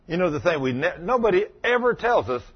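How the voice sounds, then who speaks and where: Preacher guy, husky, swings way up and down, fired-up sermon, muffled radio sound. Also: sits high, brisk. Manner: fervent, animated storytelling preaching.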